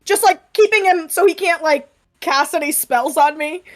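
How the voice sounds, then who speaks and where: A woman playing a tabletop game, briskly describing her character's actions. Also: extremely high pitch. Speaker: player. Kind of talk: in-character tabletop role-play.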